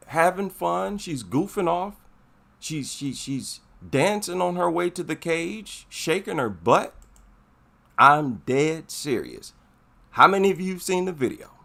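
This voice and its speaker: Male vlogger, slightly high lively voice, emphatic, drives each point home twice. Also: gravelly. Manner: emphatic, repeats his points for effect. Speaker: MMA commentary vlogger. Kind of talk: casual commentary.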